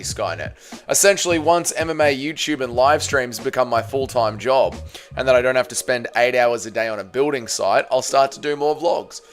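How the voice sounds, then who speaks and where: Hoarse Australian man bantering with chat. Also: medium pitch. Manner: loud, playful banter with frequent "mate". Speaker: livestream host. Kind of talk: casual livestream chat reading comments.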